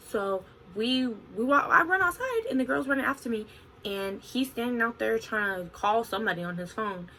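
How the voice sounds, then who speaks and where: A young woman in her twenties telling a story on her vlog in an animated, expressive way, full of "like". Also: on the high side, brisk, a little hiss or hum, low-quality recording. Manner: animated, expressive retelling with frequent "like". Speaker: vlogger.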